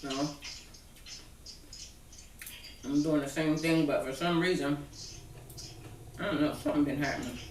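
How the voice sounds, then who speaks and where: A woman's voice: low-pitched, fairly even intonation, measured pace, pauses often, darkish tone. A woman hosting her channel in casual chat, laid-back and frank, swearing freely. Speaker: channel host. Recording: echoey room, distant mic, faint noise.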